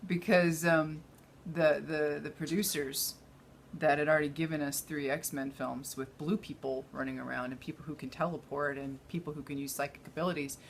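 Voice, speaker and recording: A woman's voice: sits low, fairly even intonation, moderate pace, a little hiss or hum. A woman co-hosting a casual movie review chat, blunt and sarcastic, swearing as she rants. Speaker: podcast co-host.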